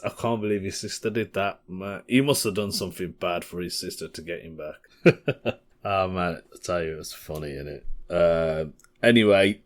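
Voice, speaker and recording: A young comedian talking through a solo podcast in a loose, rambling way, often chuckling at his own stories. His voice sits a little on the low side. He sounds casual and unscripted.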